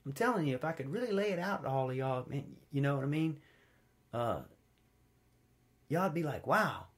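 A man preaching a sermon in a relaxed, conversational way, telling personal stories with big swings between loud high peaks and low quiet passages. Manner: informal storytelling, wide swings in pitch and loudness, drops low and quiet for stories.

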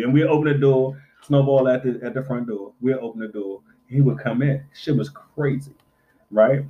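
Middle-aged male co-host, loose, profane storyteller, mid-pitched voice on a dull lo-fi recording. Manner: profane, animated storytelling with acted-out quotes. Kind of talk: casual chat.

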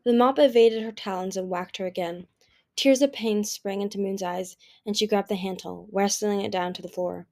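A woman's voice: medium pitch, fairly even intonation, normal speed, darkish tone. A woman reading a fantasy novel aloud, voicing the characters' dialogue. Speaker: audiobook reader.

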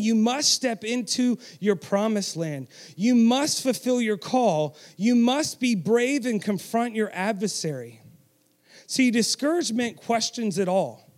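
High-voiced emphatic male preacher. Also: animated, unhurried. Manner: emphatic, with audience call-and-response and self-deprecating asides. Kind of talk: sermon.

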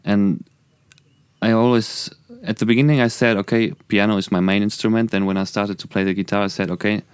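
German-accented man, smooth low voice. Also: steady tone, fairly quick, no room sound. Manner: earnest, reflective, many restarts. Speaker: musician and producer guest. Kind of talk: casual podcast chat.

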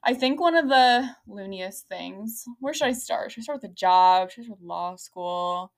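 A young adult woman hosting a podcast, telling a story in a lively, rambling way with lots of fillers and frequent laughter. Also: mid-range voice, normal speed. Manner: laughs often while talking. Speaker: podcast host. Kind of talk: casual podcast chat.

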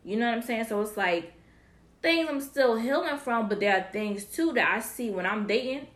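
A woman co-hosting a casual group chat, animated and laughing often as she acts out quotes. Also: on the high side, moderate pace, reverberant.

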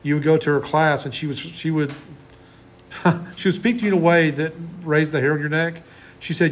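A man's voice: fairly high pitch, moderate pace, a little hiss or hum. A man in his forties giving a conversational classroom lecture as college instructor, often restarting his sentences. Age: 40s.

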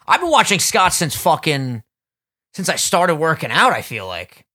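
A young man hosting a podcast in casual chat, excitable, swearing freely and laughing often. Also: a little high, normal speed. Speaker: podcast host.

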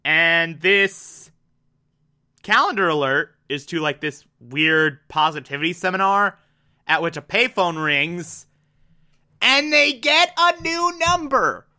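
A man casually and excitably recapping a TV episode, acting out the characters as he goes. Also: high-pitched, slow pace. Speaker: TV show recapper.

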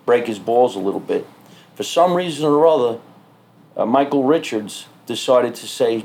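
A comedian from New spins a story in loose, animated podcast talk. His voice sits at a middling pitch with a dark, mellow tone. He curses freely and acts out what other people said. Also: normal speed. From New Jersey. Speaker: stand-up comedian.

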